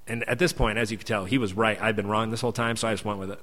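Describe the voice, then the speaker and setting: A man's voice: on the low side, fairly even intonation, rapid-fire, a bit bright, big-room sound. A male pastor telling a personal story as a sermon in an earnest, conversational way. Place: church sanctuary.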